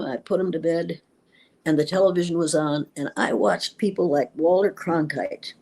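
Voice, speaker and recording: A woman's voice: low voice, mellow, slightly rough, poor audio. An older woman, a retired schoolteacher, telling her story in an interview with emphatic, indignant feeling and acting out the dialogue she recalls. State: tearful at times. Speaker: interview guest, former schoolteacher.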